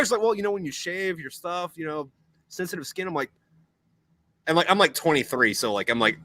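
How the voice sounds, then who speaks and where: A young man hosts a casual podcast, spinning crude, swear-laden stories padded with "like" and "you know." His voice sits a bit high and bright, pushed forward with force. It is recorded close and dry, with no room sound. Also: a little fast, no room sound. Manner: profane, storytelling, lots of fillers. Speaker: podcast host.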